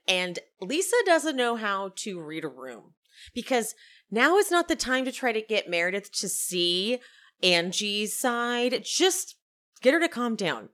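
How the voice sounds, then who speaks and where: A woman's voice: a little high, unhurried. A woman podcast host recapping reality TV in a gossipy, chatty way, laughing often. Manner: gossipy, animated, laughing storyteller. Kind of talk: casual recap chat.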